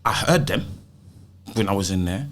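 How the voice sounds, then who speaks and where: A man with a London accent in casual podcast chat, telling his story with animated quoted voices. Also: lowish voice, moderate pace. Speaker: podcast guest.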